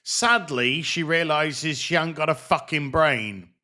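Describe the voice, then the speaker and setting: Male reviewer, forceful and sarcastic, a bit higher-pitched than most men, swears through an exasperated rant. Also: takes it slowly. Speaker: TV show reviewer. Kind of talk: ranting commentary review.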